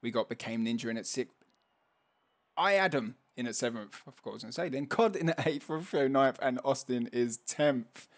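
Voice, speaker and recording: A man's voice: medium pitch, normal speed. A man hosting a live esports racing stream in a chatty, casual way, often laughing and reading chat messages aloud. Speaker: stream host.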